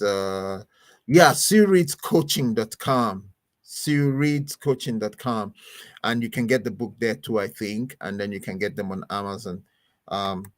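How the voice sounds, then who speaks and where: A man's voice: fairly low pitch, no echo. Chatty, rambling male podcast host. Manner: rambling, chatty, often laughing. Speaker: pastor. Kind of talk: casual podcast chat.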